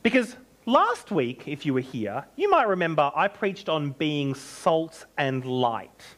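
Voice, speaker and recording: A man preaching a sermon as pastor, emphatic and animated, with joking asides. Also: fairly high pitch, a little slow.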